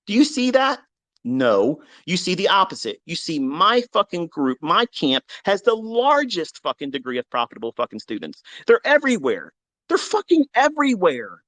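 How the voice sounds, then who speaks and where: A man's voice: big pitch swings, normal speed. Middle aged guy swearing nonstop on a live chat, combative, voice jumps all over. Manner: profane, combative, swings from low mutters to loud outbursts. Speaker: trading educator. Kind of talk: heated monologue on a live audio chat.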